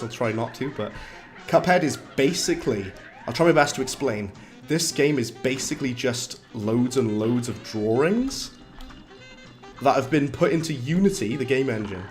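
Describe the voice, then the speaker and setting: A man with a slightly hoarse voice, chatting casually while livestreaming a game, reading chat aloud and laughing often. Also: medium pitch. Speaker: livestreaming gamer. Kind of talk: casual live-stream commentary.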